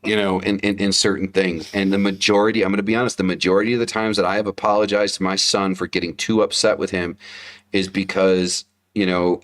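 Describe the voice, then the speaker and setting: A man's voice: low-pitched, a bit bright. A man in his thirties co-hosting a casual livestream talk show, speaking candidly, swearing often and repeating himself as he tells stories. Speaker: podcast co-host, father.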